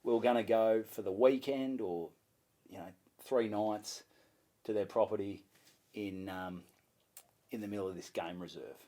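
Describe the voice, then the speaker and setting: A man's voice: lowish voice, moderate pace, pauses often. An Australian man, a comedian, telling a story in a casual chat, swearing freely and acting out voices as he goes. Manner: animated, swearing, acts out voices in his stories. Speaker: comedian guest.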